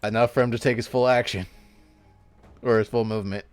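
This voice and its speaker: A man's voice: mid-range voice, steady tone, a little fast, faint music behind. A man acting as game master, narrating a tabletop combat casually and checking rules as he goes.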